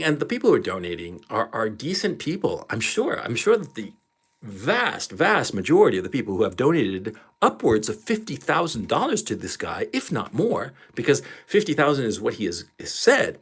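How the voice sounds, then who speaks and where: A man's voice: medium pitch, a bit bright, husky. A man giving a ranting commentary vlog in a profane, emphatic way, hammering his points again and again.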